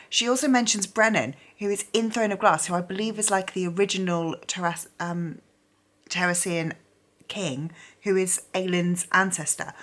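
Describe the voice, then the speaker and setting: A woman's voice: mid-range voice, a bit bright. A woman talking casually as a book vlogger, gushing and chatty with lots of fillers. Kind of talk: casual reading vlog.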